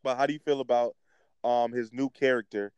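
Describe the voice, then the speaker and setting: A young man co-hosting a casual wrestling chat, talking in an animated, rambling way with restarts. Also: medium pitch, fairly quick, clean tone, no echo, lo-fi sound. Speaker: podcast co-host.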